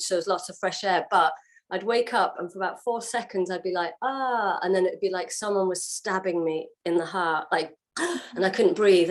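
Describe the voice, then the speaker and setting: A woman, a guest on an interview show, telling her personal story in a casual way and acting out her own past reactions. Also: fairly low pitch. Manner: animated, acts out what she said and felt. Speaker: guest sharing her testimony.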